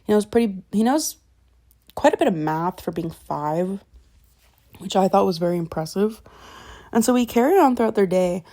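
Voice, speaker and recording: A woman's voice: mid-range voice, lively intonation, moderate pace, pauses often, dark tone. A young woman retelling a book in a casual, rambling way, swearing freely and often correcting herself. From Canada. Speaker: vlogger.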